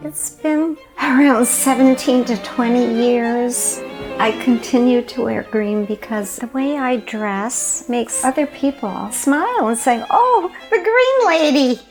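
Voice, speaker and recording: A woman speaking in a documentary interview, unhurried and cheerful. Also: on the high side, over music, low-quality recording.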